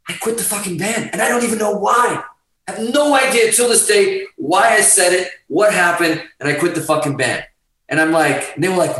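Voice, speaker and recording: Profane animated storyteller man. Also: high-pitched, brisk, very echoey, distant mic, low-quality recording. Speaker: guest musician. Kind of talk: casual storytelling.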